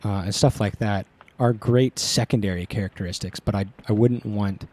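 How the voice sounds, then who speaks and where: Mellow low-voiced man rambling over a game. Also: fairly even intonation, normal speed. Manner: rambling, crude jokes, many fillers. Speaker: game streamer. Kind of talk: casual let's-play commentary.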